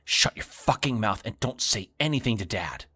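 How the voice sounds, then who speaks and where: A man putting on a sullen young woman from a narrative game, muttering grudging answers in a raised, strained voice. It keeps the reader's lively pitch swings. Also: moderate pace, breathy edge, no echo, clean studio sound, exaggerated voice.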